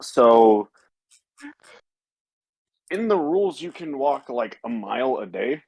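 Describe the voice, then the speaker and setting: Man player, gravelly, husky, lowish voice, dry sound. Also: expressive, takes it slowly, a little mellow, no room sound, rough recording. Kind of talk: playing a tabletop game.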